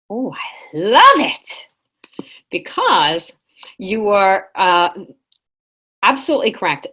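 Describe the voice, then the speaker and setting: A woman presenting a live online workshop, lively and engaging, reading chat replies aloud to her audience. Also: medium pitch, measured pace, long pauses, breathy edge.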